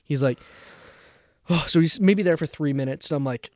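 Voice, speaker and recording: With a slightly high voice at normal speed, this young podcast co-host narrates a story in relaxed chat, animatedly mimicking the people in it and swearing casually. There's no echo.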